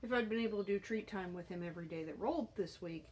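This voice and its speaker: Woman chatting about her pigeons, calm explainer voice, mid pitch, little bit of hiss behind. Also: fast. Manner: switches to high cooing baby talk to the bird. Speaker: pigeon keeper explaining bird training. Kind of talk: casual explanatory vlog talk.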